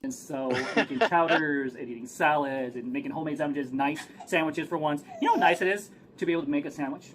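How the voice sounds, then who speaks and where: A woman's voice: quick pace, few pauses, a crowd in the background. A woman streamer chatting casually in a vlog clip, giggly and oversharing. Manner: giggly, overshares, swoops in pitch. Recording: noisy clip audio.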